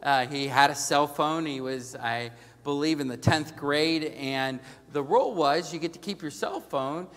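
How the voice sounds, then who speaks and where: A middle-aged male pastor preaching a storytelling sermon, dropping to a hush and then rising to loud emphasis. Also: on the high side, a little slow, hardly any pauses. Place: large church sanctuary. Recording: long reverb of a large church hall.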